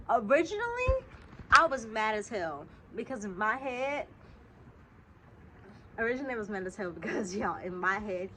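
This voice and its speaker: A woman vlogger telling a story to her viewers in casual chat, animated and profane, swinging from hushed asides to loud outbursts. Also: fairly high pitch, moderate pace, long pauses, a little hiss or hum.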